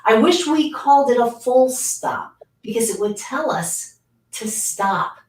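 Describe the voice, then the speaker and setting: A woman's voice: fairly high pitch, expressive, a little slow, darkish tone, slight background noise. Coaching woman on an echoey video call. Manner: demonstrative, coaching tone. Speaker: speech pathologist guest. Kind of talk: conversational interview. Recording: distant and echoey.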